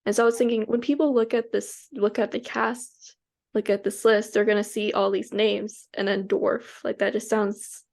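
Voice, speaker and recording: A woman's voice: medium pitch, steady tone, moderate pace, vocal fry, a little mellow. A young woman co-hosting a podcast, chatting casually in a rambling way with many restarts. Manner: rambling, full of restarts and fillers. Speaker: podcast co-host. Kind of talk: casual chat.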